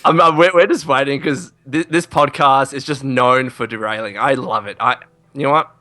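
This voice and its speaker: A man's voice: mid-range voice, steady tone, normal speed, sharp tone, no room sound. A man hosting a casual podcast interview, eager and laughing often. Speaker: podcast host.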